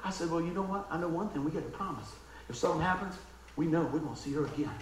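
A man preaching in a folksy, emotional storytelling style, dropping to a hush and then rising to exclaim. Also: a little high, expressive, very fast, roomy sound, slight background noise, rough recording. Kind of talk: storytelling sermon.

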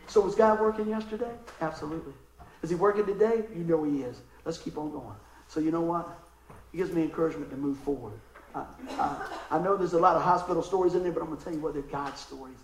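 A man preaching a sermon, telling stories in a conversational way and breaking into loud bursts of emphasis. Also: fairly high pitch, echoey room, slight background noise, low-quality recording. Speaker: pastor.

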